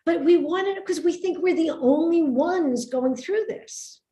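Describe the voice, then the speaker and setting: Brief: high-voiced New York woman, author and teacher, punchy storyteller, roomy echoey sound. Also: unhurried. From Brooklyn, New York. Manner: animated, emphatic storyteller. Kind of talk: lively conversation at a book event. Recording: roomy echo.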